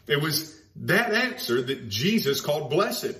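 A man's voice: fairly high pitch, sing-song, sharp tone. Emphatic preacher man, roomy sound. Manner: emphatic, repeats key phrases slowly. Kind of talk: sermon. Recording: roomy echo.

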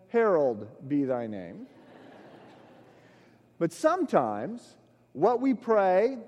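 A middle-aged male pastor with a high-pitched voice delivers a sermon, carried by a long, echoing reverb. He talks in a storytelling way, sprinkled with "uh" fillers, and presses his points with building emphasis. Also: darkish tone. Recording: long echoey hall reverb.

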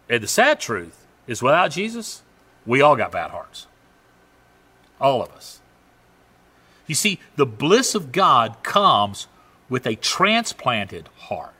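A man preaching a sermon with a bright, forceful tone and a lively, swinging delivery. He leans into key phrases and slows them down for weight. His voice rings out through a church hall with long reverb. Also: medium pitch, slightly rough. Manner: lively, emphatic preaching with dramatic pauses.

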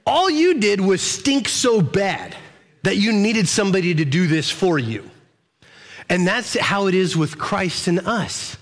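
A middle-aged man preaching in a relaxed, conversational way. His voice sits a little high for a man, and he often repeats words and restarts his sentences as he tells his story with animation. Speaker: pastor. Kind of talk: sermon.

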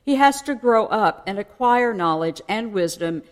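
A woman's voice: medium pitch, lively intonation, measured pace. A woman preaching a sermon in a conversational way, explaining and asking her listeners questions. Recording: long hall reverb.

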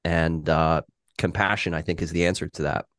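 Man, deep voice, candid and self-deprecating, podcast chat, dry sound. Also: steady tone, moderate pace, fairly bright tone, no room sound. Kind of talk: casual podcast conversation.

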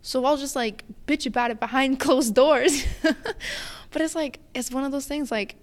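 High-voiced young woman ranting on a podcast. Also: normal speed. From Wisconsin. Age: 20s. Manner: ranting, animated storytelling with many fillers. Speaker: podcast guest. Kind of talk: casual podcast chat.

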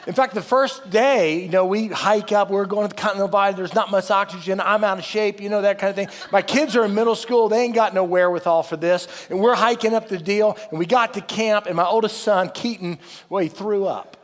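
A middle-aged man preaching a sermon, telling a story in a folksy, humorous way and dropping low and quiet for quoted asides. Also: a little fast, few pauses. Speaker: pastor. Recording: reverberant hall.

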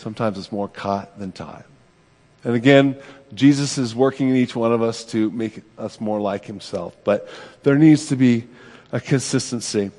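Man, middle-aged, pastor, conversational sermon, self-deprecating, mid pitch, long hall reverb. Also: normal speed, a little mellow. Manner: conversational, self-deprecating preaching with rhetorical "right?".

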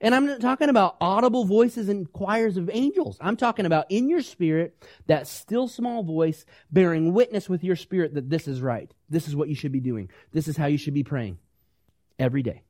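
A young adult or middle-aged male pastor, a parent of small kids, delivers a lively sermon at normal speed. His voice sits high for a man and sounds dry and close, with no room sound. He keeps asking the congregation questions and acts out the voices he quotes.

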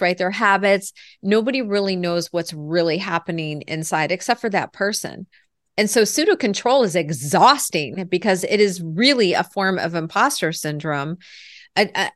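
A woman's voice: medium pitch, no echo, clean studio sound. A woman lifestyle coach answering interview questions in an earnest, reflective way, with frequent "you know" asides.

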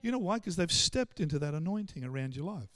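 Animated high-voiced Australian male pastor. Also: quick pace, dry recording. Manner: animated, acts out quoted voices, stammered restarts. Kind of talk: sermon.

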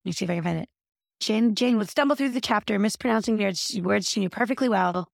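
A woman's voice: mid-range voice, quick pace, creaky, no echo, studio quality. A woman in her thirties co-hosting a podcast, chatting casually and telling nerdy stories with frequent laughs. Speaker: podcast co-host. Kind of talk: casual chat.

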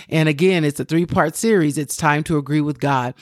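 A woman's voice: low-pitched, normal speed, few pauses, darkish tone, dry recording, clean studio sound. A woman hosting a devotional podcast, teaching with fervent exclamations and repeated phrases. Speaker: podcast host and preacher.

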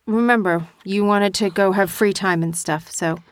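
A woman's voice: medium pitch, fairly even intonation, normal speed, dry recording. Chatty mom on a home podcast with her kid, talks a lot, teasing, close dry sound. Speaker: podcast host and parent. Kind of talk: casual chat with her child.

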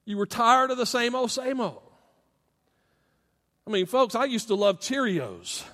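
Male pastor, high voice, emphatic animated preaching, long hall echo. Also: a little slow. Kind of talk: sermon.

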